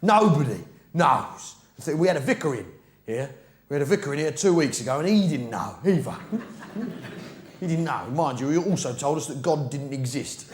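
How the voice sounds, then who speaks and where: A middle-aged man doing live stand-up comedy, with brash, blokey banter aimed at the audience and sudden shouts to rouse the crowd. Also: on the high side, expressive, fairly quick, slight background noise. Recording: roomy live venue, loud audience.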